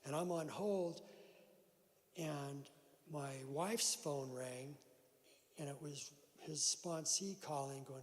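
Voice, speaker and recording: A man's voice: on the high side, slow pace, pauses often. A man telling a personal story at a recovery meeting in a church hall, acting out the voices of the people in it. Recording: long hall reverb.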